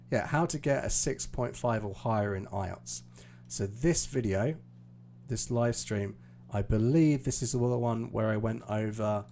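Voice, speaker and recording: A man's voice: on the low side, vocal fry, dark tone, a little hiss or hum. A British man teaching pronunciation on a live stream lesson, explaining patiently with many fillers. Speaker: IELTS teacher.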